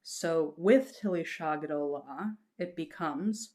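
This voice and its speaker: A woman's voice: low voice, slow, a little mellow. A woman teaching a lesson patiently, explaining step by step and reassuring her students, breaking into short chanted examples.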